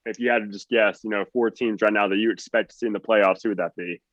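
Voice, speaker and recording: A man's voice: lowish voice, steady tone, fast, fairly bright tone, dry recording, lo-fi sound. A man co-hosting a casual sports podcast, asking questions and agreeing along. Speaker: podcast co-host.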